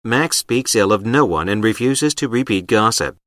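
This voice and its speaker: A man reading example sentences for an English lesson in a careful, even read. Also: on the low side, moderate pace, dry recording, clean studio sound.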